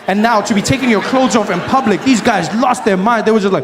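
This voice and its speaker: High-voiced male stand-up, animated delivery. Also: fast, hardly any pauses, very noisy. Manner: animated, acts out characters with big shouted voices. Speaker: stand-up comedian. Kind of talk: stand-up comedy routine. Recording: live stage recording with crowd. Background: audience laughter.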